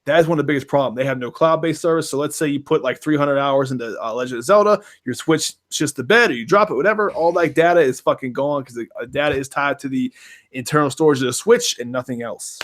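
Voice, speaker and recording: A man's voice: mid-range voice, fast. A man hosting a casual gaming podcast, rambling and reading viewer questions from the chat aloud. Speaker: podcast host.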